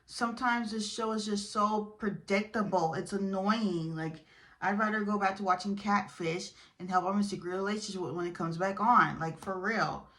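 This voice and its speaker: A woman giving a casual, opinionated recap of a reality show, chatty and full of fillers, getting animated when she is indignant. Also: medium pitch, normal speed.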